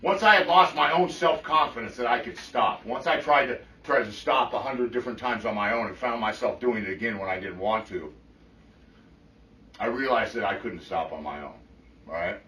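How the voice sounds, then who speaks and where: A man's voice: medium pitch, moderate pace, pushed and bright. A middle-aged man giving a blunt, profane personal testimony to a recovery group, often checking in with his listeners. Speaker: recovery meeting speaker. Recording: echoey room, mic from far off.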